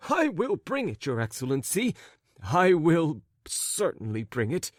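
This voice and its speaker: A man's voice: a little high, wildly swooping pitch, unhurried, no echo, clean studio sound, full character voice. A man voicing a flustered, jealous husband who stammers and fawns as he babbles on. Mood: eager babbling.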